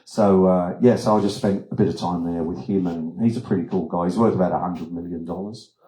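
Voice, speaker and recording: A man's voice: low-pitched, brisk. An older man with an Australian accent telling anecdotes as a guest speaker, animatedly acting out voices, in an echoey room. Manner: animated storyteller, acts out voices. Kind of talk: anecdotal presentation. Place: wellness retreat room.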